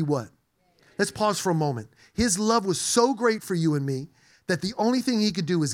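A man's voice: sits high, normal speed. A middle-aged male pastor giving a playful sermon and drawing answers from his congregation in a church. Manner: animated, playful, engages the congregation.

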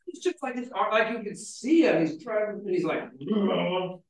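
A pastor's high, sing-song voice moves at normal speed through a casual, conversational sermon full of stories and frequent "like" fillers. It's captured from a distance in a very echoey hall.

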